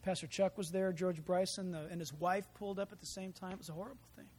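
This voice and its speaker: Animated preaching man, loud and soft. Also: sits high, quick pace. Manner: animated, acts out voices, swings from quiet to loud. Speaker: pastor. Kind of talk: sermon.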